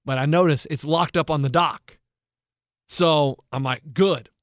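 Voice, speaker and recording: A young adult man, a coach, casually telling an animated story and acting out the people in it. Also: fairly high pitch, unhurried, dry recording, studio quality. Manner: animated, acts out shouted quotes.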